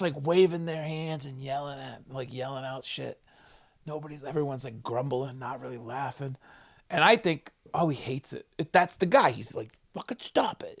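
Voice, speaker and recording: A man, a comedian guest on a podcast, telling a story with a profane, excitable manner and loud acted-out quotes. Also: a little high, normal speed, creaky. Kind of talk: animated storytelling. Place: podcast studio.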